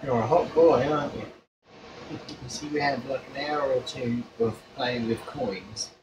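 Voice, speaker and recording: A woman's voice: very deep voice, measured pace. A woman talking casually to her pet cockatoo in her bedroom, cooing and praising the bird between asides. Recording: from a distance, faint room hum.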